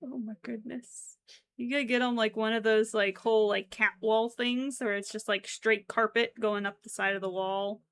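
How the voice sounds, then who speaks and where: A woman's voice: a little high, fairly even intonation, normal speed, clean tone. A young woman chatting casually with her stream while crocheting, giggly and given to frequent exclamations.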